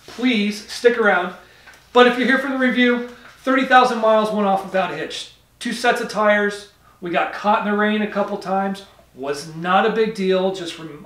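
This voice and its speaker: Man, high-ish voice, casual rambling car talk, distant mic, echoey room. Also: fairly bright tone. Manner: casual, rambling, self-correcting. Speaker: car channel host.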